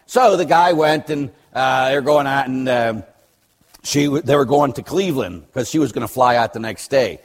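An older man, a Catholic priest, preaching bluntly and telling stories with dry humor, loud one moment and soft the next. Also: mid-range voice, normal speed. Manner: blunt, joking storyteller who swings between loud and soft. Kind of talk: sermon with personal stories.

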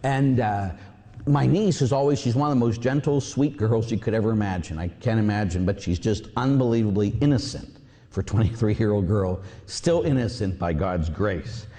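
A Catholic priest preaching a sermon, telling stories with lively energy and acting out voices. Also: male voice, lowish voice, moderate pace. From Pittsburgh area. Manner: animated storytelling, acts out voices. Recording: long hall reverb.

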